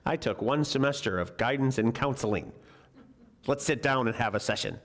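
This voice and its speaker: A male preacher at a moderate pace and medium pitch delivers a Bible lesson in the church sanctuary. It's a conversational sermon, full of jokes and casual talk, with questions regularly put to the congregation.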